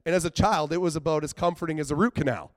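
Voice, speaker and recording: A man from British Columbia preaching a sermon in an earnest, conversational way. He says "like" often and swings between quiet asides and emphatic outbursts. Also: a little high, fast, no room sound. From British Columbia, Canada. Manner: earnest, conversational, with frequent filler "like".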